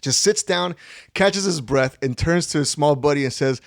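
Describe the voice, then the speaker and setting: A man co-hosting a podcast, chatting excitedly about a film and laughing as he acts out the lines. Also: fairly high pitch, moderate pace. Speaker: podcast co-host. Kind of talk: casual chat.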